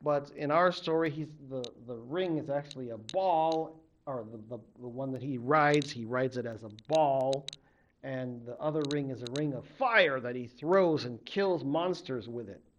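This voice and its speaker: A man from a Native American tribe, a college literature instructor telling a legend in an animated lecture, acting out the characters. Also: mid-range voice, normal speed, a little hiss or hum. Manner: animated, acts out the characters' voices. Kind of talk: storytelling lecture.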